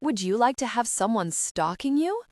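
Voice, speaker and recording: A woman's voice: fairly high pitch, sing-song, normal speed, a little mellow, dry recording, studio quality, voice pushed up. A woman doing a bold, eager young woman. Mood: eager, indignant. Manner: eager, indignant.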